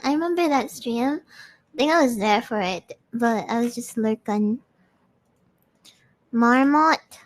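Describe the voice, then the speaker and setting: A woman's voice: on the high side, expressive, unhurried, long pauses. A woman chatting casually with her audience, giggling often. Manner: giggly, chatty, frequent laughter. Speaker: streamer hosting a live audio space. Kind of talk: casual chat reading audience comments.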